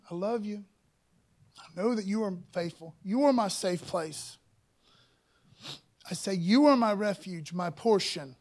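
A man with a high voice preaches to his congregation in a loose, conversational way. He drops in "man" and "you know" often and rises in pitch and volume when he quotes scripture. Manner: reads scripture louder and higher. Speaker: pastor. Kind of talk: sermon.

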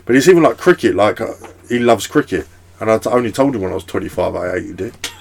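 A man's voice: on the low side, lively intonation, fast talker, gravelly. A young man hosting a podcast, chatting casually in a rambling way with lots of fillers and swearing. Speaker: podcast host. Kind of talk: casual chat.

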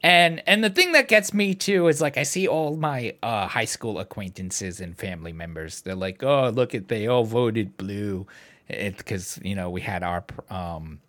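A man's voice: fairly low pitch, measured pace. A man hosting a casual podcast, ranting about politics with plenty of swearing and frequent laughs. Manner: animated, profane ranting, laughs often. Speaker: podcast host.

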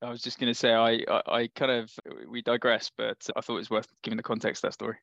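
A man's voice: mid-range voice, quick pace, gravelly, no echo, dull audio. London man telling stories on a podcast. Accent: London English. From England. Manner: animated anecdotal, laughs often. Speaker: startup founder guest. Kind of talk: casual podcast storytelling.

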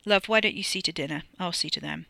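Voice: medium pitch, quick pace, creaky, bright, forceful tone, dry recording. The reader doing a cocky, muttering bloke. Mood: sardonic. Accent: British. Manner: muttering, sardonic. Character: cocky, gruff working-class man.

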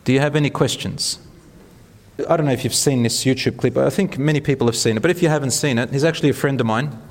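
A man's voice: medium pitch, fast talker, in a large hall. A man giving an earnest, encouraging religious talk, telling stories to an audience. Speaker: speaker at a talk.

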